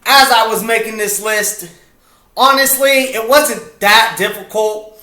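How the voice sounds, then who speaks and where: A man with a high, bright voice chats casually as the host of his video, playful and rambling, losing his thread and starting over. He speaks at an unhurried pace, in an echoey room. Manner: rambling, playful, breaks off and restarts. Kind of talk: casual chat.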